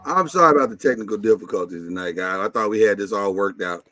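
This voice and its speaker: A man's voice: lowish voice, fast, bright, forceful tone, no echo. A man hosting a casual live-stream chat, blunt and joking as he teases his co-hosts. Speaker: host.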